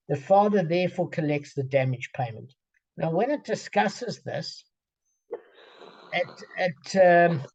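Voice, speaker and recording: A man's voice: on the high side, darkish tone, highs cut off. A man leading a group through a Talmud page, thinking aloud with many fillers and restarts over a video call. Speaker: Talmud study leader. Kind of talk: explaining a Talmud page to friends.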